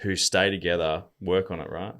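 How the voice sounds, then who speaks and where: A man's voice: low voice, steady tone, normal speed, a bit bright. A man, a father of two, reflecting on family life as a podcast guest. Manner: laid-back, reflective. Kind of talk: casual podcast chat.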